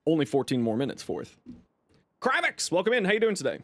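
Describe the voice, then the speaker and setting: Upbeat man hosting a gaming stream; bright high voice that swings a lot, chatty and friendly with chat. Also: quick pace, no room sound. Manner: greets chat by name, lively and upbeat; eating while talking. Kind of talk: casual live stream chat.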